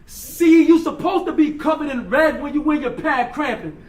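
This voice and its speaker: Brief: high-pitched male battle rapper, shouted punchlines, echoey hall, crowd noise behind. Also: normal speed. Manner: loud, punchy, repeats lines and laughs at his own bars. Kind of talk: battle rap performance. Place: large indoor hall. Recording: echoey hall, distant mic, loud crowd.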